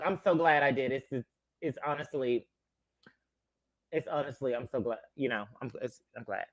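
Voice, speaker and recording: A man's voice: mid-range voice, fairly even intonation, moderate pace, long pauses, pushed and bright, no echo, clean studio sound. A young man hosting a casual livestream, telling a story in a sassy, chatty way and greeting viewers by name. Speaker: livestream host.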